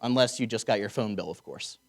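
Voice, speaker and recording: A man preaching a conversational sermon, slowing down to stress key words and dropping wry asides. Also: fairly low pitch. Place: chapel or auditorium.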